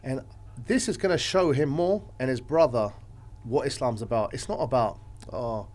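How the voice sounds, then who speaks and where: A man talks as a guest on a podcast, rambling through his stories with animated energy. His voice sits in a middle pitch and swings from loud bursts to quiet stretches as he chats casually. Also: moderate pace. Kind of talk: casual chat.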